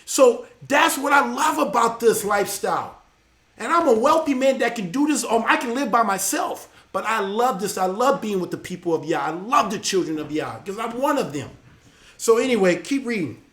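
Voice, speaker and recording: A man hosting a live church talk show, preaching casually and getting animated, often repeating his words and sometimes shouting. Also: very high-pitched, moderate pace, roomy sound.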